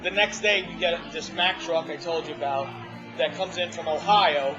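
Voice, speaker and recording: A man's voice: on the high side, fairly even intonation, moderate pace. A man telling his own story in informal conversation at a restaurant, rambling with frequent restarts. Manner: rambling, with restarts and emotional retellings. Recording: dull lo-fi audio with music behind.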